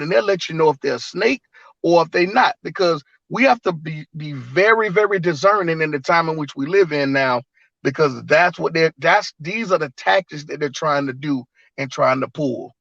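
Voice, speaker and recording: A man with a high-pitched voice makes his points emphatically and in a preachy way. The audio is dull and lo-fi, and it sounds dry and close. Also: animated, moderate pace, gravelly, fairly bright tone, dry recording. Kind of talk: casual online discussion.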